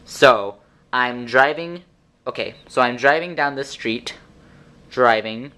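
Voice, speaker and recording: A man's voice: medium pitch, slow pace, sharp tone. A teenage boy ranting in a sarcastic, exasperated vlog monologue at home. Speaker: vlogger.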